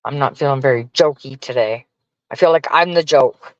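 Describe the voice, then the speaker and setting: A man's voice: mid-range voice, moderate pace, no room sound, dull audio. A man venting casually to his stream viewers, profane and exasperated as he rants. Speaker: livestreamer talking to chat.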